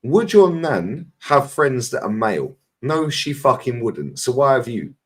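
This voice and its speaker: A man's voice: mid-range voice, very animated, measured pace, hardly any pauses, breathy edge. A man with a London accent, telling stories and ranting bluntly in a casual podcast chat, full of swearing. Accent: London English. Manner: blunt, swearing, storytelling with acted quotes.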